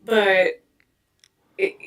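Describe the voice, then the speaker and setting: A woman's voice: drawn-out words, far from the mic. Woman, podcast co-host, casual comedic chat, profane, slightly off-mic. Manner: candid, profane and animated storytelling.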